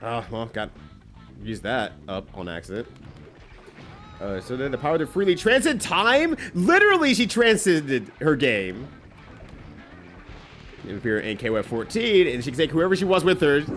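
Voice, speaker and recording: A man's voice: medium pitch, very animated, moderate pace, long pauses, a bit bright, faint music behind. A man streaming a game live, giving loose, joking commentary that swears casually and rambles between bits.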